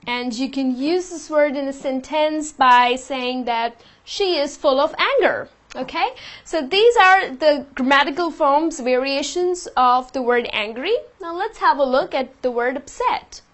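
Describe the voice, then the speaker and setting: A woman's voice: sits high, a little slow, a bit bright. A woman teaching a vocabulary lesson, patiently explaining word meanings with example sentences. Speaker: English teacher.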